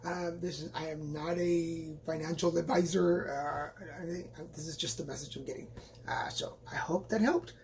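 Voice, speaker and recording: Casual live-stream tarot reader, mid-pitched, rambling and encouraging, with playful asides. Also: normal speed, a little mellow. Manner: chatty and rambling, with frequent restarts and playful asides; encouraging and reassuring toward viewers.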